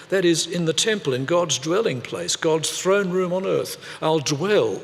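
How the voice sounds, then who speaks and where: A man preaching a sermon in a church, speaking deliberately with pauses and repeated phrases. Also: a little high, gravelly, long reverb tail. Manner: slow, deliberate delivery with pauses and repetition.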